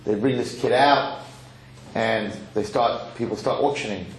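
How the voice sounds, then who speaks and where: A man, a rabbi, telling a long story in an animated way and acting out the characters during a sermon. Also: mid-range voice, a little slow, roomy sound, slight background noise, rough recording.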